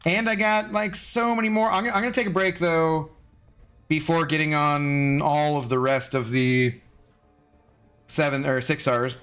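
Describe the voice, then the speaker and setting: Chatty man streaming a game, raised pitch. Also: flat delivery, a little slow, fairly bright tone, clear, resonant tone, soft background music. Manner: rambling, chatty, reads chat aloud and answers. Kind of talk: casual live-stream chat while gaming.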